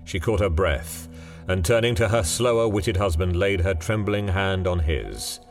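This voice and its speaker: A man narrates a ghost story in a measured, dramatic manner. His voice is deep and lively in pitch. A long hall reverb and faint music surround it.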